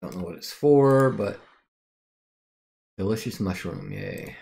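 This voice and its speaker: A man's voice: fairly low pitch, takes it slowly, vocal fry, mellow. A man streaming a game, thinking aloud and muttering as he works out its menus and skills. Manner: thinks aloud while puzzling over the game. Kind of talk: casual let's-play commentary.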